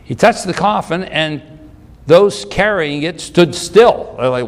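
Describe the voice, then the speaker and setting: Slow, lively preaching man in a reverberant hall. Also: fairly high pitch. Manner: explains scripture with questions, repeats and restarts. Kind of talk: Bible teaching sermon.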